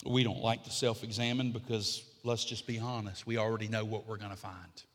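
A middle-aged man preaching a sermon as pastor, building to emphatic repeated lines, then easing into quiet, conversational teaching. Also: fairly low pitch, level tone, fairly quick, long reverb tail.

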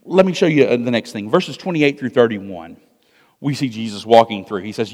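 A male pastor preaching an expository sermon, moving between loud emphasis and hushed asides. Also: medium pitch, normal speed. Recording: long hall reverb.

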